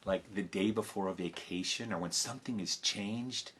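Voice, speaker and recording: A man telling a story with big swings from loud to hushed. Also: on the low side, normal speed, breathy edge. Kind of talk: animated storytelling. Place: home, live stream.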